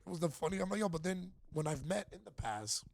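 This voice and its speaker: A man, a DJ guest on a podcast, telling stories in an animated, slangy way and swearing. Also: high voice, quick pace, gravelly. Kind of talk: casual storytelling.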